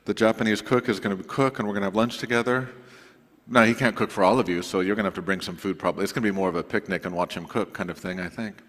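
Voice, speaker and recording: A man preaching to his congregation in a relaxed, conversational way, with asides to the listeners. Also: lowish voice, quick pace. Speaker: pastor. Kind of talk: sermon announcements. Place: church sanctuary. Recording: long reverb of a church sanctuary.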